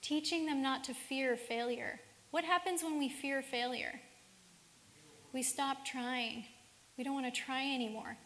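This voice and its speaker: High-voiced woman speaking in a reverberant hall. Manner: asks the audience many rhetorical questions. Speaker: seminar speaker. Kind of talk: faith-based parenting seminar talk. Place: church seminar room.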